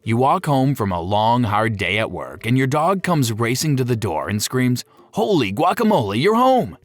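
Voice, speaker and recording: A man's voice: mid-range voice, animated, normal speed, faint music behind. A man giving scripted narration for a pet-care video, playful and fond of jokey asides.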